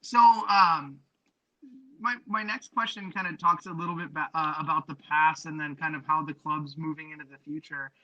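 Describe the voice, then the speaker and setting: A man's voice: a little high, fairly even intonation, normal speed, bright, forceful tone, no echo. A man hosting a podcast, asking long, rambling questions full of ums and restarts. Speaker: podcast host. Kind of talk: casual interview chat. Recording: dry, dull lo-fi podcast audio.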